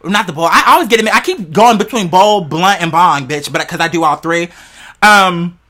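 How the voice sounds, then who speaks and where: Bright-voiced, profane, rambling stoned vlogger. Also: medium pitch, lively intonation, normal speed. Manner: rambling, playful, heavily profane, talks straight to viewers. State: high on cannabis. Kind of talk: casual rambling vlog monologue.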